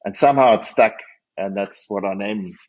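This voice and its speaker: A South African man who is a winery's managing partner chats as a guest on a radio interview, often restarting his sentences and poking fun at himself. His voice is fairly low and a little mellow, and he speaks at a moderate pace. The audio is dull and lo-fi.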